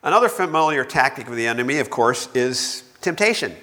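A man preaching a sermon in a lively storytelling manner, acting out the voices of the people he quotes. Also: medium pitch, brisk, big-room sound.

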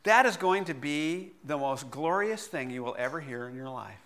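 A middle-aged male pastor tells a story from the pulpit in a high, bright voice. He is an animated storyteller who laughs often as he talks. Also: normal speed. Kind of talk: sermon with a personal story.

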